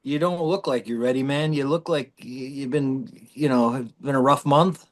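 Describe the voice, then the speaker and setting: A man hosting a comedic podcast, loud and joking with his co-hosts. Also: medium pitch, steady tone, normal speed. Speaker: podcast host.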